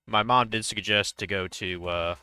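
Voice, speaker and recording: A young man talks casually while he plays a game, rambling and stopping often. His voice is very bright and crisp. It sounds close and dry. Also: fairly low pitch, steady tone, moderate pace, no room sound. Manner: rambling and hesitant, many fillers. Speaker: streamer. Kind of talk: casual chat while gaming.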